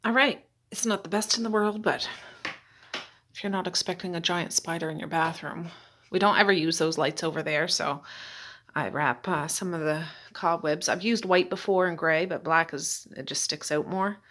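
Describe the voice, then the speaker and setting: Woman, lowish voice, chatty home vlogger who talks through her chores. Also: normal speed, fairly bright tone. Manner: chatty, talking to herself while doing chores. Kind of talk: casual vlog narration. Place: at home indoors.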